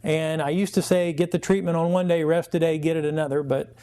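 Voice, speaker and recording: A male chiropractor speaking as a talk show guest, giving steady, plain explanations of his treatment. His voice sits a little high for a man, but it is mellow and warm. He keeps an even, explaining tone. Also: a little fast, clear, resonant tone.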